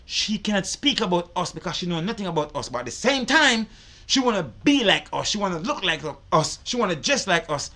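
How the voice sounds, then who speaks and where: A man's voice: high-pitched, big pitch swings, a little fast, sharp tone. A man giving indignant, profane reaction commentary. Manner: indignant, profane, repetitive ranting. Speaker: reaction video host.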